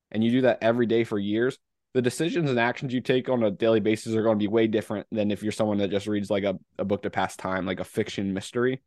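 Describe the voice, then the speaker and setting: Male podcast co-host, lower voice, easygoing and laughing, dry close sound. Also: no room sound. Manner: relaxed, laughs often, many "like" fillers. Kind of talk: casual podcast chat.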